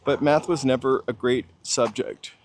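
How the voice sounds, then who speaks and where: A man's voice: medium pitch, normal speed, slight background noise. Chatty American man musing on a walk. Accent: General American. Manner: chatty, musing aloud, answering viewers' chat. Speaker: walking tour livestream host. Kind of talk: casual livestream chat. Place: outdoors on a city street while walking.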